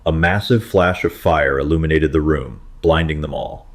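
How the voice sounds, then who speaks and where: A man narrating a dramatic western romance story in a steady, scripted storytelling manner. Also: rumbling low, moderate pace.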